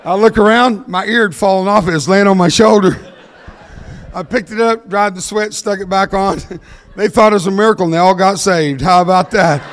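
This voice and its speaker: An older man telling a humorous story to an audience as a motivational speaker, talking fast and laughing at his own punchlines. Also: high-pitched. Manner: talks fast.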